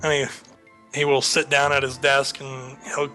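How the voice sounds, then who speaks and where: Male game master, bright and flat delivery, measured scene narration. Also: medium pitch, faint music behind.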